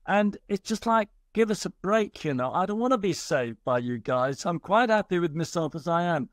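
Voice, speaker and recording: A man speaking as a guest in a casual podcast conversation, animated and quick to laugh. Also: sits high, dry recording, studio quality. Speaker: guest scientist.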